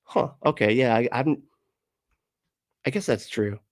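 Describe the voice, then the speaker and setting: A man's voice: mid-range voice, measured pace, dry recording, studio quality. A man hosting a livestream and reading out his chat, rambling and laughing often as he swears casually.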